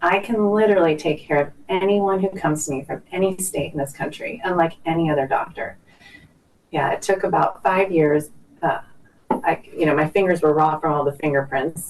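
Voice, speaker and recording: A woman's voice: low voice, moderate pace, far from the mic, slight background noise, low-quality recording. A woman guest doctor talking casually on a podcast, chatty and self-deprecating, with jokes.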